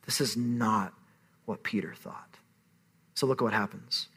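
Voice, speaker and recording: A man's voice: lowish voice, fairly even intonation, a little slow, vocal fry, fairly bright tone, husky. A man in his thirties preaching a sermon, conversational and emphatic. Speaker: pastor.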